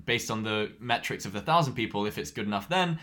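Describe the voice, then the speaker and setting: Bright-voiced animated man. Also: on the low side, fast talker. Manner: animated storytelling, laughs often. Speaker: podcast co-host. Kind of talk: casual chat.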